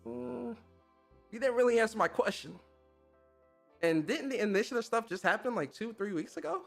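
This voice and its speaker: A man's voice: very high voice, expressive, moderate pace, vocal fry, soft background music. A man hosting a casual live-stream podcast, talking in a laid-back, slangy way and laughing often. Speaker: podcast host.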